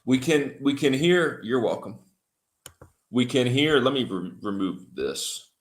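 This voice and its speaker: A man teaching English on a livestream, who talks slowly and repeats words for his learners. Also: medium pitch, lively intonation. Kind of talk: livestream language lesson.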